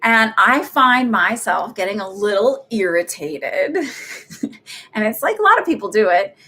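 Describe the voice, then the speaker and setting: A woman's voice: medium pitch, expressive, unhurried, sharp tone, breathy edge. Woman, middle-aged, chatty livestream host, rambling, laughs often. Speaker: psychic medium livestream host. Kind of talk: casual livestream chat.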